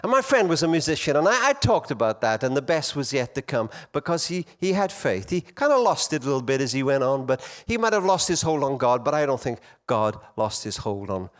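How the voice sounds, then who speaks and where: A middle-aged man telling stories to an audience of men at a conference, swinging between loud emphasis and hushed quiet. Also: mid-range voice, sing-song, brisk, hardly any pauses. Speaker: conference speaker. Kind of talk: storytelling talk to men.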